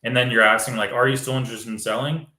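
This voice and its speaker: A man's voice: mid-range voice, fairly even intonation, fast, pushed and bright, reverberant. A man, a real estate wholesaler, explaining step by step in casual chat and acting out sample phone calls.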